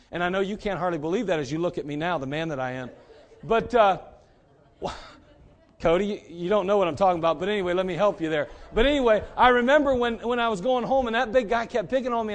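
A middle-aged male pastor preaching a sermon in a folksy way, with joking asides and repeated rhetorical questions. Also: sits high.

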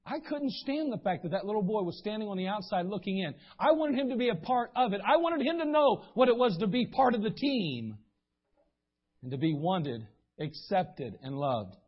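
Pastor guy preaching, kinda high breathy voice, folksy storyteller, muffled church recording. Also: big pitch swings, moderate pace. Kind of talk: sermon. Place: church sanctuary.

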